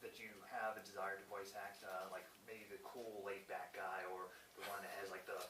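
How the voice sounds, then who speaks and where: A man with a low voice asks a question hesitantly and stops to find his words. He sounds distant in an echoey hall with clear background noise. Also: flat delivery, normal speed. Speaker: interviewer. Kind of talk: casual interview question.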